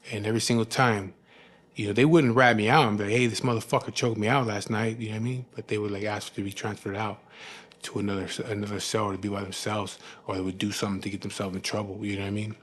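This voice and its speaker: A man frankly telling the story of his own past, in rough, profane speech full of "you know what I mean". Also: fairly low pitch, steady tone, fast talker. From California. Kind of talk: candid personal storytelling.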